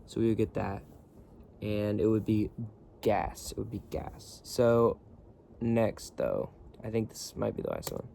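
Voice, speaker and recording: A man's voice: fairly low pitch, lively intonation, unhurried, vocal fry, mellow, slight background noise. A young man vlogging from his bunk, rambling in a laid-back, slangy way. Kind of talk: casual rambling chat. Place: bunk bed area indoors.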